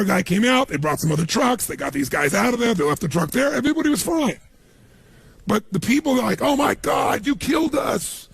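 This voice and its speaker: A man speaking as a motivational speaker at a live seminar, his voice gravelly and husky and pitched high for a man. He tells stories with animated energy and mimics the people in them. The sound is close and dry. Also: dry recording. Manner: animated storytelling, acting out other people's lines.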